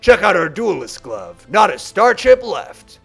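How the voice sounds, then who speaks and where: Young woman duelist, shaken but proud played by a man, high lively voice. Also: measured pace, gravelly, breathy edge, soft background music, heavily acted. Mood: upset.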